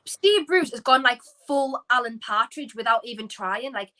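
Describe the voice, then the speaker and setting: Bright-voiced woman talking football. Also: on the high side, poor audio. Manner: animated, opinionated, quick asides. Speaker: podcast co-host. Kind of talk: casual football banter.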